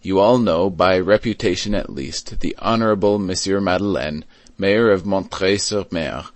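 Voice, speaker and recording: A man's voice: low voice, normal speed, no room sound, close to an everyday voice. A man reading an audiobook, voicing a male district attorney who addresses the jury in a formal, ceremonious way.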